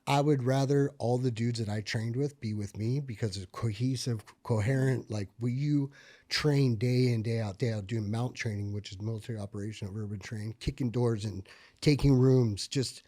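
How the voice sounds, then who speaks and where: A man of middle pitch tells his war stories as a podcast guest, loose and conversational. He swears freely and leans on fillers. When he relives the tense parts he gets louder and more animated. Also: moderate pace. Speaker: podcast guest, military veteran. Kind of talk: casual conversational storytelling.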